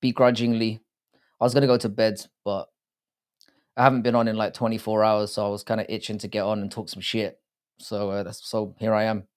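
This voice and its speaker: A man's voice: lowish voice, level tone, brisk, clean tone. Foul-mouthed British man chatting on stream. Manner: crude, swears often, greets chat by name. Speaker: live-stream host. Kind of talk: casual live-stream chat.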